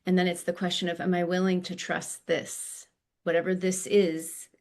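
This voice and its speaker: A woman's voice: fairly low pitch, little pitch movement, moderate pace, darkish tone. A woman hosting a podcast, speaking reflectively and spiritually while searching for her words. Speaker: podcast host. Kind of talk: reflective conversation.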